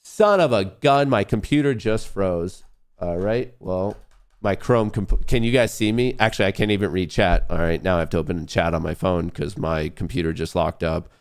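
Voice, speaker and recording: A man with a deep voice that has a gravelly, fry-laden edge. He hosts a live trading stream and thinks aloud to his viewers. He mutters to himself as he works at his computer. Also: steady tone, a little fast. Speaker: livestream host and day trader.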